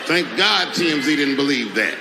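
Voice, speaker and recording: A male stand-up comedian telling stories on stage in a lively, animated way, jumping into loud high voices for characters. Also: normal speed. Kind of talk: stand-up storytelling. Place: large theater stage. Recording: echoey theater with audience noise.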